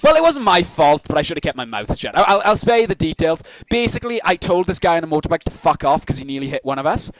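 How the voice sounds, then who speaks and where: A man's voice: on the high side, sing-song, fast talker, few pauses, no echo. A young man, a podcast co-host, telling funny stories in casual chat, swearing and acting out the voices of the people in them.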